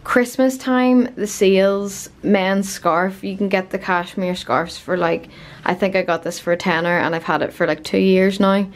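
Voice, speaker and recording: A woman's voice: mid-range voice, steady tone, normal speed. A woman in her twenties with a Northern Irish accent, chatting casually and rambling on a vlog with lots of fillers. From Northern Ireland. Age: 20s. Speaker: vlogger. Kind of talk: casual chat.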